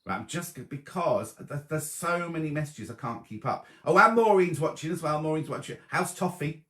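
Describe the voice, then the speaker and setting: A middle-aged man hosts a casual live sewing chat stream, chatting away as he reads viewers' messages aloud and warmly greets them by name. His voice is fairly high and animated at a normal speed, and the stream sounds roomy and echoey.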